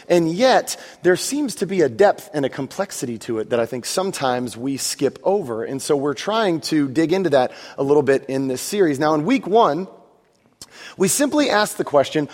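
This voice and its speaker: A man with a slightly high voice preaches a sermon in a relaxed, conversational way, tossing in asides and jokes for the congregation. His voice carries a long reverb from a church hall. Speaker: pastor.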